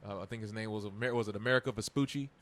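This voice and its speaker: A man's voice: on the low side, rapid-fire, a bit bright. A man co-hosting a casual podcast chat, rambling and restarting his sentences, with loose slang. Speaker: podcast co-host.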